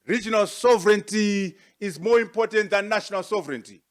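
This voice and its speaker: Male guest speaker, high voice, rhetorical and forceful, formal address. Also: fairly quick. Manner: rhetorical and emphatic, with repeated questions; forceful, with sharp rises for emphasis. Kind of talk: formal presentation to an audience.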